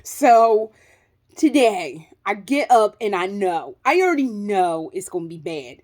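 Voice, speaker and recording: A woman vlogger telling a personal story in a casual, animated way, swearing freely and laughing through it. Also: mid-range voice, a little slow.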